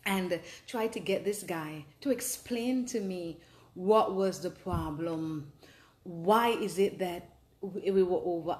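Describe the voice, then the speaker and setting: A woman's voice: medium pitch, darkish tone, roomy sound. A woman hosting a personal advice talk, telling her own story earnestly and with animation. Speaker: host.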